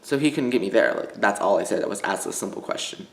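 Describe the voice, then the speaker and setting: A teenage boy from Illinois chats through a casual vlog, his voice sitting a little low and full of "like" and restarts. The room around him gives his voice a noticeable echo. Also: expressive, quick pace, vocal fry. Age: teens. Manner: rambling, filler-heavy, full of "like". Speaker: vlogger.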